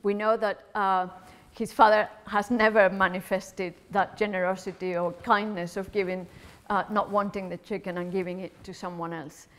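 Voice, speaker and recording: A woman's voice: mid-range voice, level tone, moderate pace. A woman with a Spanish accent giving an academic philosophy lecture in a lecture hall, explaining carefully and thinking aloud as she goes.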